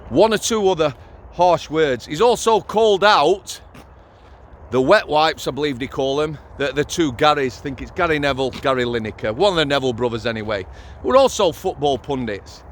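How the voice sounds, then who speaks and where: A man's voice: a little high, expressive, a little fast. Middle-aged man, ex-prison officer vlogger; blunt, sweary storytelling, outdoors with faint street noise. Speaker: former prison officer, channel host. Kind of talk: casual vlog storytelling.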